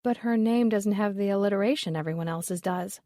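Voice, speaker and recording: A woman reading the part of a curious young woman, asking questions in a quiet, soft tone. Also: medium pitch, a little fast, no room sound, clean studio sound, close to an everyday voice. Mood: inquisitive.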